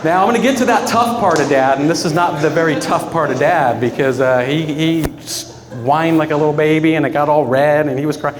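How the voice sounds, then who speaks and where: A man's voice: on the high side, brisk, hardly any pauses, big-room sound, a crowd in the background. A man giving a eulogy for his father, telling personal stories in an earnest way and often breaking into laughter. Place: funeral gathering in a room with mourners.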